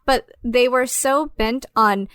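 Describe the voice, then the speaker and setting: A woman co-hosting a casual film podcast, animated and quick to swear and laugh. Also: on the high side, clear, resonant tone, dry recording, clean studio sound. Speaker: podcast co-host.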